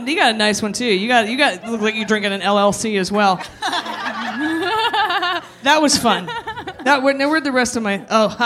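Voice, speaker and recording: A woman's voice: a little high, fairly bright tone. A woman hosting a live comedy quiz game, playful and laughing as she talks to the room. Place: live venue with an audience. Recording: noisy room with crowd chatter.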